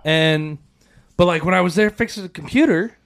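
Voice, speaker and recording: A young man co-hosting a podcast, telling stories in a loose, profane, animated way. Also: high voice, normal speed, creaky. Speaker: podcast co-host. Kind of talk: casual chat.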